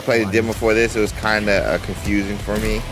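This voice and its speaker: A man co-streaming a game showcase, reacting in chatty, excitable commentary that swings from flat to shouting. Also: lowish voice, fast. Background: showcase audio and music.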